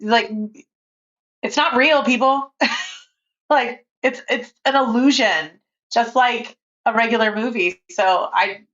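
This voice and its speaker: A woman's voice: on the high side, takes it slowly, fairly bright tone, lo-fi sound. A woman in her forties, a podcast guest in casual interview chat who talks freely and laughs often.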